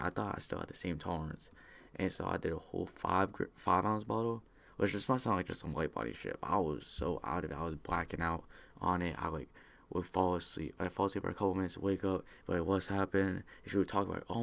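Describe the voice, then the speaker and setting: A young man talks in a very deep register with a gravelly, fried edge. He tells his story loosely and casually, stacking slang, fillers and half-finished restarts. It is unscripted storytelling. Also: a little fast, fairly bright tone. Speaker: vlogger telling personal stories.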